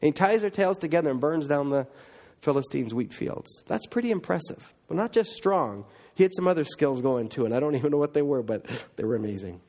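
A man preaching a sermon, telling stories with big swings between loud emphatic lines and quiet low asides. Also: expressive, a little fast.

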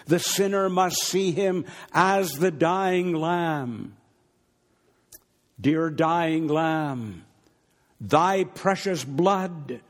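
A man preaching a sermon, reading verses aloud and driving points home with deliberate repetition. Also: on the high side, long reverb tail. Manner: slow, deliberate Bible exposition with emphatic repetition.

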